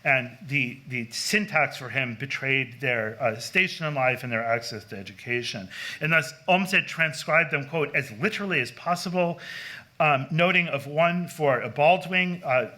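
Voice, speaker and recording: Bright-voiced man giving an academic lecture. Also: mid-range voice. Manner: scholarly, with frequent fillers and self-corrections. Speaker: conference speaker. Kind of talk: academic lecture reading from a paper. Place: lecture hall.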